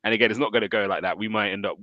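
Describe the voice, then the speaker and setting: Deep-voiced man, dry close sound. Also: steady tone, racing, dry recording, muffled recording. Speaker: football fan show host. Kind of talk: casual match reaction chat.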